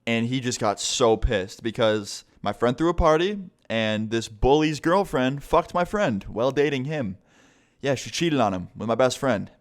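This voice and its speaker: A man's voice: mid-range voice, expressive, normal speed. A young man telling a story in a casual, rambling way, swearing a lot. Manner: profane, rambling, full of fillers. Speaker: vlogger.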